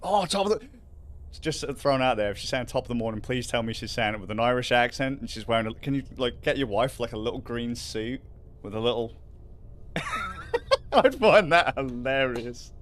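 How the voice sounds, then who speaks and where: A man chats loosely on a livestream, rambling from one thought to the next and swearing as he goes. His pitch swoops about in an animated way. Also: fairly quick. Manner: rambling, swearing, laughing often. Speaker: livestream host. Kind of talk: casual livestream chat.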